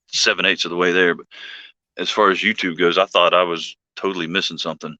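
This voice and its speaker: A man's voice: low voice, little pitch movement, quick pace, sharp tone, no echo. A man co-hosting a livestream, chatting casually, rambling and joking and greeting viewers by name. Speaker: livestream co-host.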